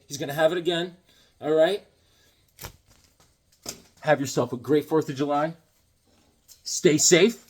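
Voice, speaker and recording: Husky higher-voiced guy rambling jokey stories on his vlog, keeps repeating words. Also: a little slow, long pauses. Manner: animated, repeats himself, jokey asides. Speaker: comic collector vlogger. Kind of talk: rambling casual storytelling.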